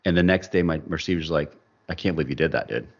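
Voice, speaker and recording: As a guest on a podcast, a man tells a personal story in a casual interview, animatedly acting out the people he quotes. His voice is a low rumble, fast and slightly rough, with the highs cut off.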